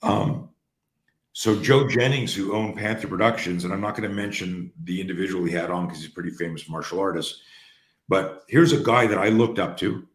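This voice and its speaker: A man with a very low voice hosts a call and tells stories with lively, profane energy. He slips into the voices of the people he quotes. His voice carries the echo of a roomy space. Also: fairly quick. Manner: animated, profane storyteller acting out dialogue. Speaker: host and coach. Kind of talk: conversational storytelling on a call. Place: room on an online call.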